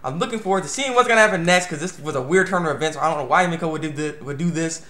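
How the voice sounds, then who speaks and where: Fast-talking young man, excitable rambling. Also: fairly high pitch, echoey room. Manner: rambling, excitable, many restarts and fillers. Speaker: anime reviewer. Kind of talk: casual video review.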